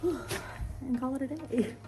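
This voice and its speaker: Worn out woman vlogger chatting at the barn, a bit high, echoey and far from the mic, music over it. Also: takes it slowly. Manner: tired, chatty, laughing. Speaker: horse vlogger. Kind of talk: casual on-location talk. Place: outdoor barn area.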